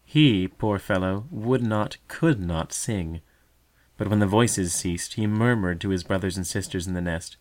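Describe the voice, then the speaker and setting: Male storybook narrator, deeper voice, calm measured delivery.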